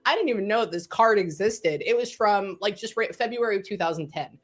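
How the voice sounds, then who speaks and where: A middle-aged woman, a psychic medium, telling stories in a casual interview, animated and quick to laugh, swinging between excited bursts and hushed asides. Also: mid-range voice. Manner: laughs often, swears when worked up.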